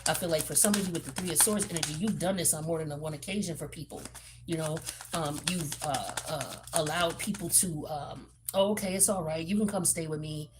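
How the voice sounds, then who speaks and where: A woman's voice: deep voice, slight background noise. A woman giving a casual tarot reading, blunt and profane, with streetwise slang and lots of chatty fillers and asides. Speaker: tarot reader.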